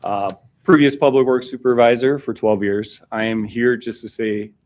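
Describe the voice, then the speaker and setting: A former city worker thanking the council at public comment, earnest and a little choked up, in a council chamber. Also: male voice, mid-range voice, steady tone, moderate pace, a little mellow. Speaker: former public works supervisor speaking at public comment.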